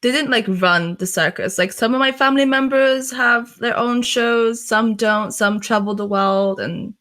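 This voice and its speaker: A young woman with a bright, crisp voice chats candidly as an interview guest. She talks freely, laughs often and swears without a second thought. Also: a little high, measured pace. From England. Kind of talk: casual chat.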